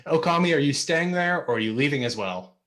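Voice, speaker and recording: A man's voice: on the high side, fairly quick. A male game master describing the scene to his players. He rambles, restarts phrases and keeps things easygoing. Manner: rambling, repeats words, relaxed and friendly. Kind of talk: narrating a tabletop game.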